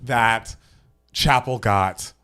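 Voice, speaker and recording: A young man co-hosting a live stream, gushing and animated as he chats about an awards show. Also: fairly low pitch, extremely slow, clean tone. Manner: gushing, animated, reads out viewer comments. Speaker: podcast co-host. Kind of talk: excited live-stream chat.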